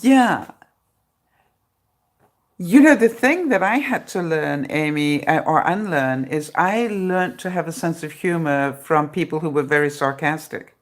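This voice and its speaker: A middle-aged woman with a low voice talks casually into her phone on a live broadcast. She chats with viewers, laughs easily and leans on dry, sarcastic humor. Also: unhurried. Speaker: vlogger hosting a live broadcast. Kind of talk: casual live-stream chat.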